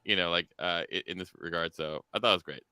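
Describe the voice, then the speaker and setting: Podcast co-host, man; very low, sharp and resonant voice, dry mic, halting starts. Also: clean tone, no echo. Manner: stammers and repeats words when starting. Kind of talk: casual podcast review chat.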